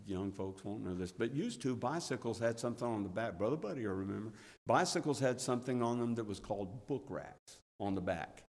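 A middle-aged man preaches a sermon, weaving in earnest personal stories that swell with excitement. His mid-pitched voice carries a long trailing reverb from the church sanctuary.

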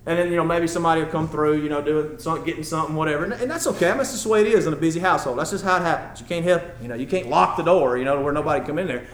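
A man's voice: a little high, racing, few pauses, roomy sound, a little hiss or hum. A man preaching a sermon as a church elder, talking in a folksy, conversational way that builds to emphatic passages.

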